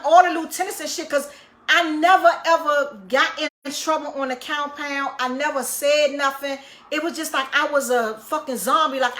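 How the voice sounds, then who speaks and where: A woman telling a story in a casual monologue, animated and full of profanity, acting out the dialogue she quotes. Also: sits high. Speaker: storyteller recounting prison life.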